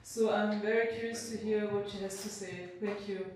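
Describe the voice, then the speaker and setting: A moderator introducing the next speaker, polite, with small filler pauses. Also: mid-range voice, level tone. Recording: echoey hall from far off, faint noise.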